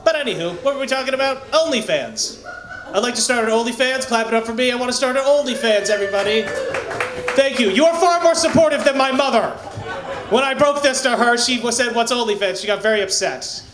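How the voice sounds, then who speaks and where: Rambling high-voiced comic in echoey room. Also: male voice, lively intonation, brisk. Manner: rambling, self-mocking, loud crowd banter. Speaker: stand-up comedian. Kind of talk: open-mic stand-up with crowd work. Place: small comedy venue, echoey room.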